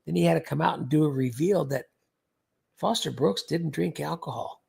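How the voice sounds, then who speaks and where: An older man chatting loosely on a livestream. He has a fairly high voice with a gravelly, husky grain, and he rambles along with lots of ums and restarts. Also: normal speed, darkish tone. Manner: rambling, chatty, full of fillers. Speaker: host. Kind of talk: casual livestream chat.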